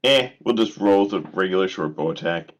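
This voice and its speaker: A man's voice: low-pitched, animated, moderate pace. A man playing a tabletop game, chatting casually and musing aloud over his rolls. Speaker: player.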